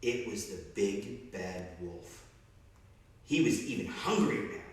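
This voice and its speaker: A police officer reading a children's story aloud, expressive and animated. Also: male voice, lowish voice, slow pace, far from the mic. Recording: very echoey room, off-mic.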